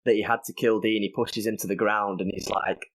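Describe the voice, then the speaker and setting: A man's voice: lowish voice, little pitch movement, fairly quick. A man with a British accent talks as a podcast guest. His speech is loose and conversational, full of fillers as he chats. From Britain. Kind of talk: casual chat.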